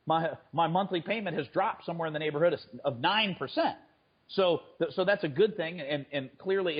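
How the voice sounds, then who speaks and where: With a fairly high, husky voice, this trader and fund manager guest keeps stumbling and restarting his sentences during a conversational interview. The audio quality is lo-fi.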